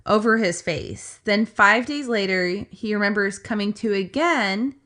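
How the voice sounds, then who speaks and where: Woman podcaster, bright voice, chatty storytelling, lots of likes and asides. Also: mid-range voice, measured pace. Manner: chatty, filler-heavy retelling with asides. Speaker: podcast co-host. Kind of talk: casual storytelling chat.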